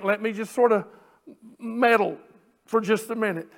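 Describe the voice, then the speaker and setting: A man's voice: sits high, normal speed, a bit bright. A man preaching a sermon to his church, drawing out scripture phrases and building emphasis. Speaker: pastor. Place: church sanctuary.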